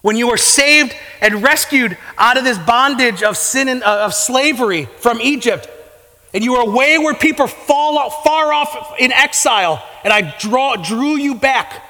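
A man's voice: extremely high pitch, animated, a little slow, sharp tone. A man preaching a sermon as pastor, fervent and building to impassioned pleading in places. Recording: long hall reverb.

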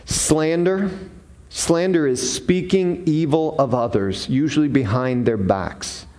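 A male pastor preaching in a measured, unhurried way. His voice sits a touch higher than most men's, and he leans on pauses to stress each word. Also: a little mellow. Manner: slow, deliberate preaching with emphatic pauses. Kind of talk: sermon.

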